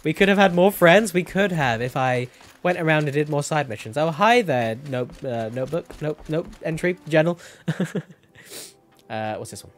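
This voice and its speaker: A man's voice: a little high, lively intonation, normal speed. Chatty man streaming a game. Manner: rambling, self-correcting, chatty. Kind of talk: casual gameplay commentary.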